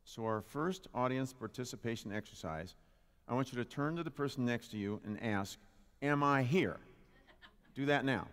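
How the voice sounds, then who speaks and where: A man delivers a light-hearted sermon at a mid-range pitch, joking with the listeners and pulling them into the talk. His microphone voice rings out with a long hall reverb around it. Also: fairly quick. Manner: playful, jokey, engages the audience. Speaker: spiritual practitioner giving a talk. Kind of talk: humorous Father's Day sermon. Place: congregation hall with live audience. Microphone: handheld or stand microphone.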